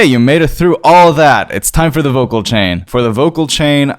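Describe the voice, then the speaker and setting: A man's voice: on the low side, smooth. A young man giving a sarcastic, goofy mock vocal tutorial as a comedy YouTuber.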